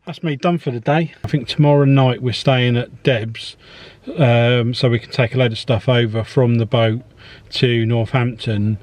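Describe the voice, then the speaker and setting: A man's voice: medium pitch, steady tone, moderate pace, darkish tone, dry recording. A man talking in a weary, matter-of-fact way for a casual video diary. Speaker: vlogger's husband.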